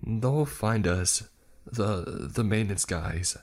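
A man's voice: low voice, slow pace, darkish tone, soft background music, full character voice. A man voicing a timid, apologetic stranger stuck in a lift, who stammers. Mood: sheepish.

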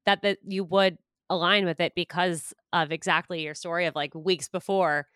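A woman's voice: on the low side, smooth, no echo, studio quality. A woman hosting a podcast, chatting casually and enthusiastically with her guest. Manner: enthusiastic, quick bursts of excitement. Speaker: podcast host. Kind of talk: casual conversational interview.

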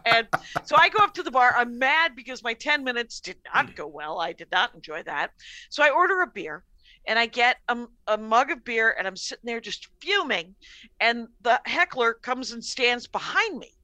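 A middle-aged woman comedian telling a story in a casual podcast chat, animated, laughing often and swearing freely. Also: on the high side, moderate pace, no echo. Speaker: comedian guest.

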